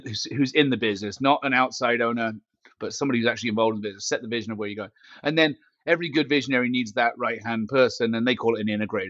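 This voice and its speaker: A man's voice: mid-range voice, a bit bright, no echo. A man in a casual interview chat, joking and poking fun at himself as he rambles along with plenty of fillers. His voice comes through a small headset mic built into his glasses, so it sounds a little dull and lo-fi. The recording is dry, with almost no room sound around him. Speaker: company CEO guest. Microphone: glasses-frame headset mic.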